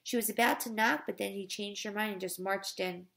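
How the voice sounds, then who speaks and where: A woman reading a children's book aloud, pausing now and then to explain words, with occasional slips and restarts. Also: medium pitch, creaky, fairly bright tone.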